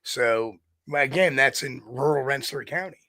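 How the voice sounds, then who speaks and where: A man's voice: medium pitch, normal speed, pushed and bright, dry recording. A middle-aged man from New York State, a guest researcher explaining things in a rambling, self-correcting way during a casual interview.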